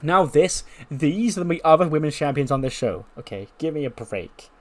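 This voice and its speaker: A man's voice: a little high, expressive, moderate pace, darkish tone, lightly acted. Smug, condescending woman wrestler, put on by a male narrator. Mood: mocking. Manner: mocking and condescending. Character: arrogant, gloating woman wrestling champion.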